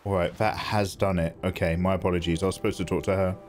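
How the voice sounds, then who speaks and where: A man chatting through live gameplay, excitable and jokey, thanking viewers as he plays. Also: low voice, fast, faint music behind. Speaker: gaming streamer.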